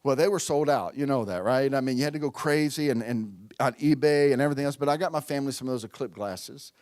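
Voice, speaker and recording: A man's voice: medium pitch, fast, darkish tone, no echo. A middle-aged man preaching a sermon at a church, conversational and storytelling, calling out to the congregation. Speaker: pastor.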